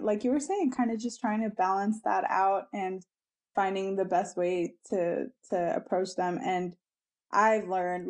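A mother chatting casually about parenting, reflective and hesitant, with fillers and soft laughs. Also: medium pitch.

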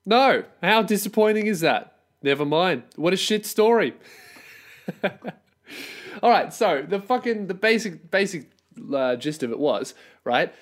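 A young Australian man hosting a solo podcast from his bedroom, ranting loudly and swearing as he mocks his targets. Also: high voice, animated, moderate pace. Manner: profane, mocking, loud ranting. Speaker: podcast host.

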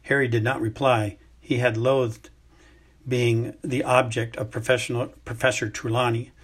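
A man narrating a novel aloud as an amateur audiobook reader, unhurried, with occasional stumbles and self-corrections. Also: mid-range voice, level tone, slightly rough.

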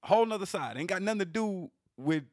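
A man's voice: high-pitched, animated, brisk, darkish tone, no room sound, clean studio sound. A man in casual chat, telling stories animatedly and swearing freely as a podcast co-host.

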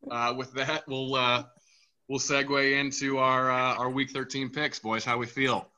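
Bright, energetic male podcast host. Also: mid-range voice, unhurried, muffled recording. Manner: energetic, swears freely, moderates the panel. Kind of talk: casual sports podcast banter.

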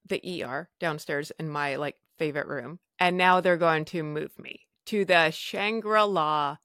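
A woman's voice: sits low, a bit bright, no room sound, clean studio sound. A woman hosting a podcast, telling a personal story frankly with wry humor and casual swearing. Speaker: podcast host.

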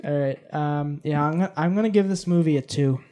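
A man's voice: a little high, fairly quick, warm tone, dull audio, a little hiss or hum. A man co-hosting a casual movie podcast, rambling through his points with lots of "like" and restarts. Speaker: podcast co-host. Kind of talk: casual movie review chat.

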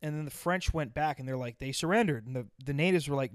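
A man's voice: fairly high pitch, fast talker, a crowd in the background. A man telling rambling, profane stories in casual chat, full of restarts and fillers.

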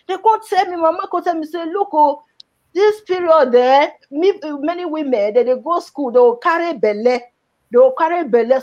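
A Nigerian woman with a high voice and a Nigerian Pidgin accent tells her personal story to an interviewer. She speaks with feeling and repeats words for emphasis. The recording sounds dull and lo-fi. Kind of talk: personal life story in conversation.

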